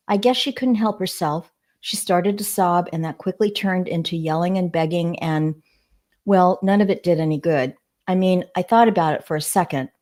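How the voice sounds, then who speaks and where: A woman reads a memoir aloud for an online book club in a low voice. She voices the first-person narrator with expression. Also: normal speed, darkish tone.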